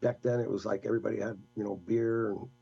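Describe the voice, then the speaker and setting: An older man, a guest, telling a rambling, animated story in casual talk. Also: on the low side, fast, vocal fry, breathy edge, muffled recording. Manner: rambling, animated anecdote with laughs.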